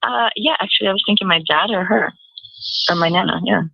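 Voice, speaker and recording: A woman's voice: mid-range voice, fast talker, vocal fry, no echo. A woman calling into a radio show, giving brief, casual replies. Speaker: caller. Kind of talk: call-in radio conversation. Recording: slightly dull call-in audio.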